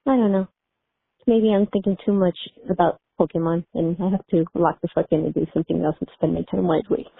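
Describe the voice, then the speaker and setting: A woman's voice: fairly low pitch, steady tone, brisk, vocal fry, breathy edge, no echo. A woman leaving a casual, blunt and encouraging voicemail message. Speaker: caller leaving an anonymous voicemail. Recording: dry tinny phone voicemail.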